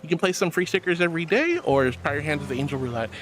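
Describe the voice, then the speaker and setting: A woman's voice: low voice, expressive, quick pace. A woman streamer chatting casually on a livestream, playful and theatrical, slipping into grand mock-solemn tones. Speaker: VTuber streamer.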